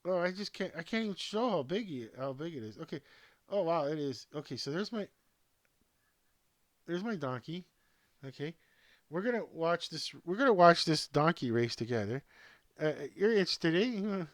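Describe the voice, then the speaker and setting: With a slightly high, expressive voice, he talks at a moderate pace and pauses often, and there's no echo. He's the host of a home-produced sports news show, wandering off script in casual chatter at his laptop, addressing himself and his plush toys.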